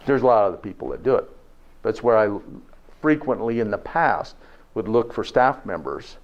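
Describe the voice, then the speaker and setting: A man's voice: fairly low pitch, lively intonation, moderate pace. A man giving a live health lecture to an audience in a folksy way, tagging his points with "okay?" and asking the room questions. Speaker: health presenter. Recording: dull lo-fi recording.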